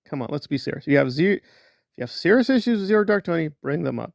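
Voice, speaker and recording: A man's voice: on the high side, lively intonation, fast, gravelly, a little mellow, dry recording, clean studio sound. A man doing sarcastic, mocking online commentary as a vlogger.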